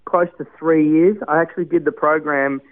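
A man's voice: a little high, steady tone, normal speed, no room sound. A man, telling his personal testimony in an earnest, heartfelt way with many fillers. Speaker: guest sharing testimony. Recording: tinny phone-like radio sound.

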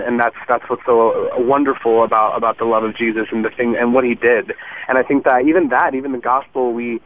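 A young man talks earnestly and openly, dropping in plenty of "um" fillers as he goes. His voice comes through a thin, phone-like line with a faint hiss underneath. His pitch sits in a middle range. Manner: earnest, warm, frequent "um" fillers. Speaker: guest musician. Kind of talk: casual interview.

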